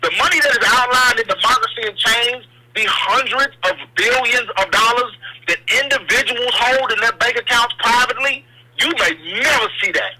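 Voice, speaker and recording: Male caller, high voice, urgent and halting, heavy line noise. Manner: impassioned, stumbling over repeated words. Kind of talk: call-in radio talk. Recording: noisy call-in line.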